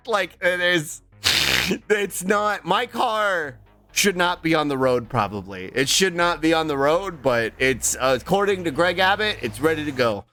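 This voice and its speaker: A young man chatting casually with his stream viewers, rambling with strings of filler ums and jumping to a squeaky high voice when thanking subscribers. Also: expressive, a little slow, sharp tone, no room sound, faint music behind. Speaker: live streamer.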